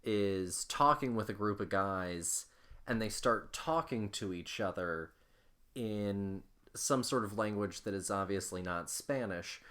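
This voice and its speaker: A man's voice: on the low side, a little slow, fairly bright tone. A man co-hosting a film podcast, explaining his thoughts on a movie in a thoughtful, casual way. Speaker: podcast co-host.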